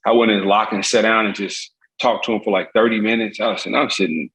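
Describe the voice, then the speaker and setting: A man from Indiana, a former pitcher, animatedly telling stories as a podcast guest. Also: fast, rough recording. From Gary, Indiana. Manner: animated, acts out voices, laughs easily. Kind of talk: casual storytelling.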